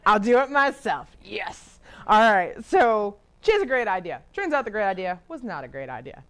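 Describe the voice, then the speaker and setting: A woman's voice: mid-range voice, sing-song, moderate pace, clear, resonant tone. A woman leading a casual Bible study. She chats freely, laughs often, leans on "like", and acts out the people she quotes. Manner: chatty, laughs often, lots of filler "like".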